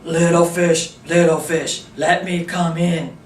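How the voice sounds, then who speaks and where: A woman voicing a big, menacing male shark in a storybook reading, with a deep, growly put-on voice. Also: flat delivery, takes it slowly, a little mellow, roomy sound, distant mic, slight background noise. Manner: growly, roaring threats.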